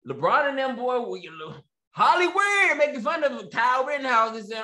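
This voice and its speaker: A man's voice: extremely high pitch, normal speed, echoey room. A man hosting a ranting commentary, repeating himself and mocking his subjects. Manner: animated, repetitive, mocking. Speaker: commentary host.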